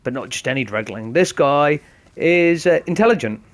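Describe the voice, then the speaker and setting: A man's voice: fairly high pitch, lively intonation, normal speed. A man commenting casually on a game, explaining each step to viewers in a chatty way. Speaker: gaming host. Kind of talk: casual let's-play commentary.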